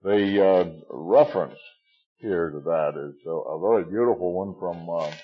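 A man in his sixties teaching a relaxed Bible study, halting with many fillers and chuckling at his own jokes. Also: low voice, lo-fi sound, a little hiss or hum. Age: 60s.

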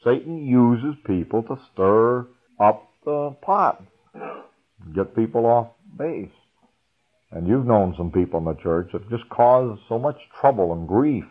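A man preaching a folksy, unhurried sermon, chuckling now and then. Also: medium pitch, animated. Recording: tinny phone-like radio broadcast.

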